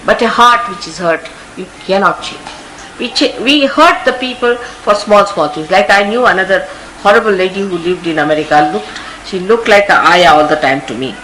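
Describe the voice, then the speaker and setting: A woman's voice: mid-range voice, fairly bright tone, rough recording. A woman with an Indian English accent, a spiritual teacher giving a storytelling discourse that acts out the people she quotes. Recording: hissy archival 1980s tape recording.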